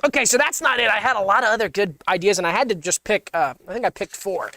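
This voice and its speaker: A man co-hosting a comedy podcast, pitching sketch ideas in a meandering, rambling way. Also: quick pace, sharp tone, a little hiss or hum. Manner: meandering, restarts often, acts out bits. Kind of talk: rambling casual brainstorming.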